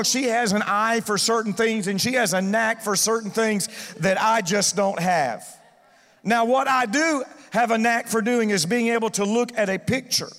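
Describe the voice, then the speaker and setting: In a church sanctuary with a big-room sound, a male pastor preaches, calling on the congregation to answer back and repeat his words. His voice is high-pitched with a fairly bright tone.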